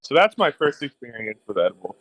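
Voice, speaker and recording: A man's voice: mid-range voice, big pitch swings, brisk, a bit bright, no room sound, rough recording. A young man telling a personal story in a casual podcast chat, rambling with lots of fillers and restarts. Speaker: guest.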